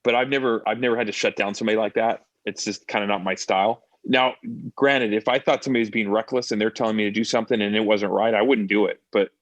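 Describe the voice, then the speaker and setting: A man's voice: fairly low pitch, fast, no room sound. Chatty middle-aged stuntman telling stories. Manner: animated, lots of fillers and restarts. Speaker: stuntman and actor, guest. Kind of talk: casual interview storytelling.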